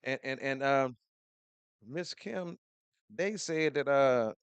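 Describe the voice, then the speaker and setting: A podcast host chats casually, laid-back and fond of telling stories, repeating words as he goes. His smooth, mid-range voice moves slowly, and the recording is dry.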